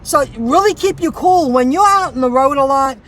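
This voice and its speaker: A woman's voice: high-pitched, lively intonation, normal speed, a bit bright, rough recording. A woman who drives for food delivery, telling a rambling story on a casual livestream, repeating herself and restarting sentences.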